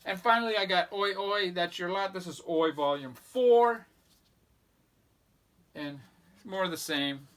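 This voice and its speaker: A man with a slightly raised pitch talks through a stack of records in a loose, casual way. He rambles a bit and lists band after band with plain enthusiasm, like he's showing a friend his collection. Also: measured pace, pauses often, a bit bright, clear, resonant tone. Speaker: record collector vlog host. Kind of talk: casual record show-and-tell.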